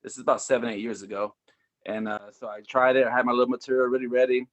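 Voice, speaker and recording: Speaking quickly at a medium pitch with a level tone, a Houston-area stand-up comedian tells his story. The interview chat is loose and rambling, packed with fillers.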